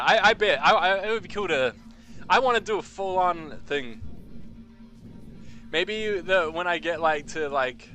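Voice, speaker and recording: A man's voice: a little high, sharp tone. A man from New Zealand streaming a game, chatting with his viewers in a rambling, slangy way, swearing freely and calling them bro. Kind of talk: casual game stream chat.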